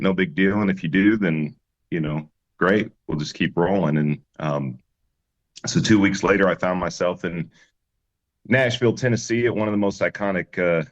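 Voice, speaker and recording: A man's voice: low-pitched, lo-fi sound. A man, a musician guest, telling his story in an easygoing interview chat with many fillers and restarts.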